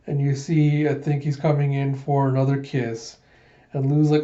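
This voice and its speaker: Mellow-voiced man retelling a comic. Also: mid-range voice, moderate pace. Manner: relaxed, filler-laden retelling. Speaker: reader of a manga readthrough. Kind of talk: casual reading with narration. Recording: dull lo-fi recording.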